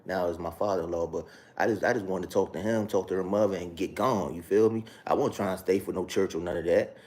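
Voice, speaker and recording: A man with a fairly low voice tells his life story to the camera. He talks slowly and haltingly, often repeating phrases, and his speech is loose and full of street slang. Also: fairly even intonation, a little mellow. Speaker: vlogger sharing his testimony. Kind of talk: casual spoken testimony.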